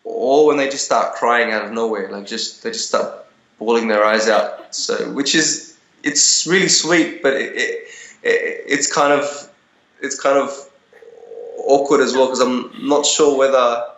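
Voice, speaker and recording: A man's voice: mid-range voice, measured pace, a bit bright, roomy sound, muffled recording. A young man being interviewed over a video call, telling stories in a rambling way with many restarts and fillers.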